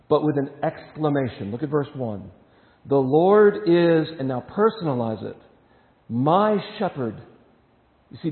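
A man preaching a sermon, reading scripture aloud with emphasis and explaining it to his congregation. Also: mid-range voice. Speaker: pastor. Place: church sanctuary. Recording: echoey hall over a phone-like line.

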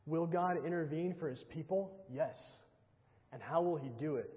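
A man preaching with earnest emphasis, his fairly high voice rising on rhetorical questions and sinking to a hushed, slow tone as he reads scripture. He sounds tinny and narrow, as if heard over a phone line, with a long reverb trailing through a large hall. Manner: reads scripture aloud, often dropping to a low, slow hush. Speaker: pastor. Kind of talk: sermon.

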